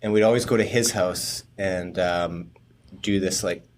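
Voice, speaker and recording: Speaking unhurriedly in a low-pitched voice with fairly even intonation, a male podcast co-host rambles through a story in a casual chat. He laughs frequently and tends to trail off.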